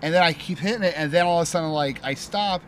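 In a casual podcast conversation, a male guest with a fairly high voice rattles off a profanity-laced, rambling story, saying "like" constantly. He talks fast, and the recording carries a slight hiss or hum.

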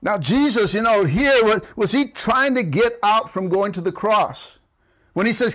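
A man's voice: sits high, expressive, a little slow, a bit bright. A man pastor preaching a sermon for an online service, calling repeatedly for amens and urging his listeners on. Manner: calls for audience response, repetitive and exhorting. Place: church service streamed online.

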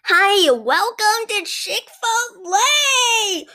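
A man voicing an overly cheerful male fast-food worker, gushing in a high, slow sing-song. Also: lively intonation, pushed and bright, heavily acted.

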